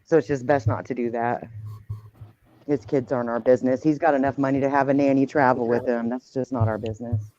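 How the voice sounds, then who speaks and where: A woman's voice: a bass voice, fairly even intonation, fairly quick, warm tone, dull audio. A woman hosting a casual live panel chat, talking bluntly and keeping the others in line. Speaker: host.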